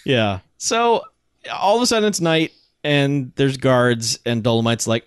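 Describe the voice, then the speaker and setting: A man's voice: medium pitch, measured pace, clear, resonant tone, dry recording. Guy recapping a movie on a podcast, voice goes all over, laughs a lot, dry mic. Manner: animated storyteller, acts out bits, laughs often. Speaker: podcast co-host. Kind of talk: casual movie recap chat.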